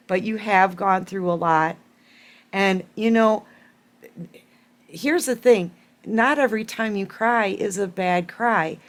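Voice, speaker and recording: Woman tarot reader, unhurried, close to tears, repeats herself for emphasis. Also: mid-range voice. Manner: emotional, tearful, repeats phrases for emphasis. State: holding back tears. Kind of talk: collective tarot reading to camera.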